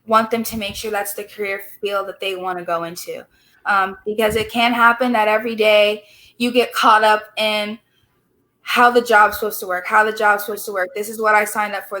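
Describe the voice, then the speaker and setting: A woman's voice: medium pitch, rough recording. A teenage girl in her late teens on a video call, answering interview questions in an earnest, chatty way. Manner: earnest, lively storyteller who laughs easily. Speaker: student host answering an officer's questions.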